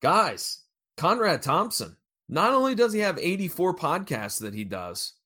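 Animated male podcast host. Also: high-pitched, a little slow. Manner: animated, jumps between loud and quiet. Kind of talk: casual wrestling news chat.

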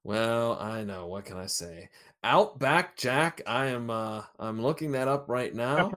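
Animated male podcast host. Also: mid-range voice, a little slow. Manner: animated, jumps between loud and quiet. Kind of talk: casual wrestling news chat.

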